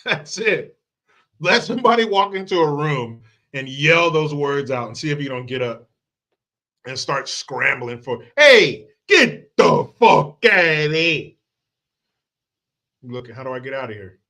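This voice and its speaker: A man's voice: mid-range voice, normal speed, sharp tone. A man hosting a livestream, talking casually and profanely and laughing often. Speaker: livestream host.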